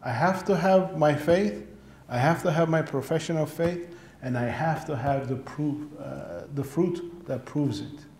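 A man's voice: fairly high pitch, a little slow, a little mellow, a little hiss or hum. Guy pastor giving a sermon, repeats stuff for emphasis, roomy church sound. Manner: emphatic preaching, repeats phrases for stress. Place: church sanctuary. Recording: echoey church room.

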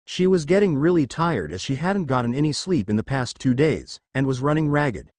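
A man reading fanfiction aloud as a narrator, in a steady read-aloud delivery. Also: medium pitch, moderate pace, dry recording.

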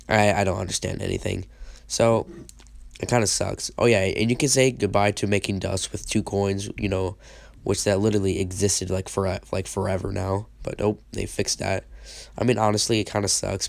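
A man's voice: fairly low pitch, vocal fry, no room sound. A man with a sick voice giving casual, rambling game commentary, often stopping to restart his sentences. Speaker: gaming channel host.

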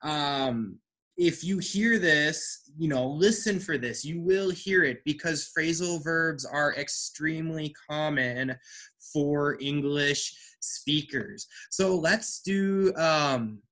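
Slow, bright-voiced male English teacher. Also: on the high side, animated. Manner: patient, encouraging, explains step by step. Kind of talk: online language lesson.

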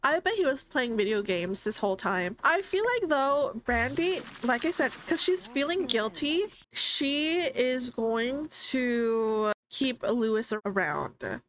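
A young woman casually commenting on a life-simulation game, chatty and excitable, often voicing her characters' thoughts. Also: on the high side, takes it slowly, hardly any pauses. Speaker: gaming streamer. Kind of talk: casual let's-play commentary.

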